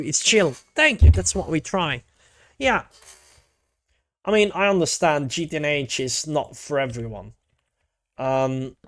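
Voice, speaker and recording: A laid-back male VTuber rambles and chats with his viewers in a casual way and swears now and then. His voice sits a little high, and his pace is unhurried. The desk mic sound is dry and close. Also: fairly bright tone, no echo. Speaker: VTuber streamer. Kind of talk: casual stream chat.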